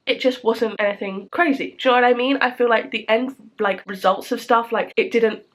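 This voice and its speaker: A woman's voice: on the high side, steady tone, fairly quick. A young woman in her twenties, chatting casually about books in a home vlog, with lots of "like" fillers. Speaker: book reviewer. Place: at home, seated on the floor or at a desk.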